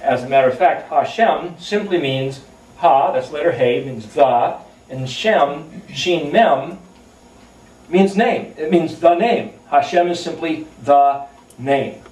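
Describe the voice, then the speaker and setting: A man's voice: fairly high pitch, slow pace, a little mellow. A man giving a Bible teaching, explaining Hebrew letters and words in a musing, explanatory way. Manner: explanatory, spells out Hebrew letters, muses aloud. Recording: echoey room, mic at a distance.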